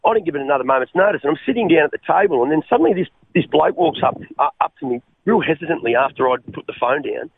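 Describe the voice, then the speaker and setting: Gravelly Australian man on a phone line. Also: a little high, lively intonation. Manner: halting, repeats words, calls the host mate. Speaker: interview guest. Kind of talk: personal testimony in an interview.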